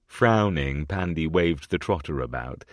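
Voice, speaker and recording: A man narrating a historical romance audiobook with an expressive, varied delivery on a close mic. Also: very deep voice, measured pace, dry recording.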